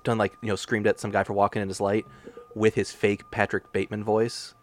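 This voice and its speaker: Fast-talking, low-voiced male co-host. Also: level tone. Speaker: podcast co-host. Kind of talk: casual chat.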